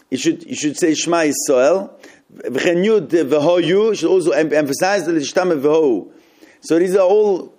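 A man leading a group text study, reading passages aloud slowly and then explaining them and puzzling over them. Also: fairly high pitch, a little mellow.

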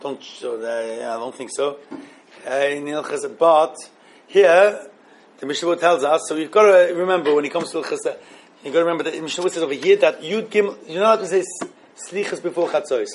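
A man's voice: fairly high pitch, fast talker, a little hiss or hum. A man teaching a religious law class to students, thinking aloud and often repeating himself as he works through questions. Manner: thinking aloud, repeating phrases, mixing Hebrew terms.

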